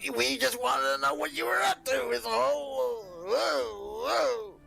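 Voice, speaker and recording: A man's voice: sing-song, measured pace, creaky, music in the background, exaggerated voice. A man voicing a small, frightened pink talking bear that yelps nervously in a tabletop game. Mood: yelping. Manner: squeaky, nervous, yelping.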